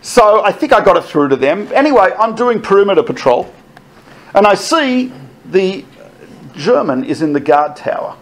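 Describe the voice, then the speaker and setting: A middle-aged man telling army stories to an audience, animated and laughing often as he quotes others. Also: sits high, moderate pace. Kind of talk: storytelling talk.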